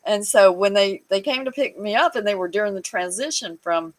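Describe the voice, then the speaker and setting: A woman's voice: mid-range voice, fairly quick, low-quality recording. A woman telling a personal story in casual chat, acting out the voices of the people in it. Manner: animated storyteller, acts out quoted voices, laughs often. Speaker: guest sharing a hospital story.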